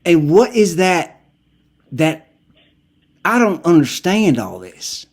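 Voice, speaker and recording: A man's voice: a little high, huge pitch swings, slow pace, pitched above the performer's own voice, full character voice. A man putting on a baffled Southern caller. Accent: Southern US, exaggerated. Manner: confused, rambling, crude. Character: bewildered cranky Southern man on a prank call. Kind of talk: prank phone call.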